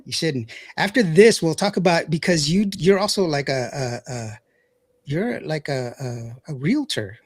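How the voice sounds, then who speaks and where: A man's voice: on the high side, expressive, a little slow, no room sound. A man hosting a radio show, chatting casually, reading out viewer comments and laughing often. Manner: chatty, laughs often, stumbles over words.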